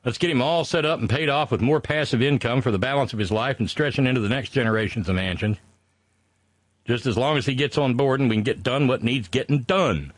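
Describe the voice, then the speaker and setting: Brisk and mid-range in voice, this man co-hosts a laid-back political podcast from West Virginia. He swears, wanders off topic, and reads out messages from listeners. There's no room sound.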